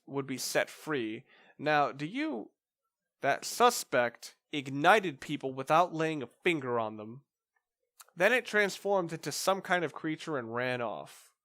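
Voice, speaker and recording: A man voicing a male police detective from a video game, reading the lines flatly and matter-of-factly. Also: on the high side.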